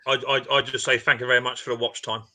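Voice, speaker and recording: A man's voice: mid-range voice, flat delivery, fast talker, pushed and bright. A man from England hosting a casual live stream, bantering with friends and greeting people in the chat, often repeating words as he starts.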